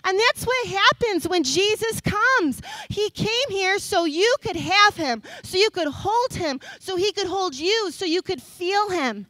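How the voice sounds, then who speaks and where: A young adult woman, a kids' pastor, telling stories in a lively sermon. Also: very high-pitched, unhurried, hardly any pauses, no room sound, poor audio. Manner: animated storytelling, laughs often. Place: church stage.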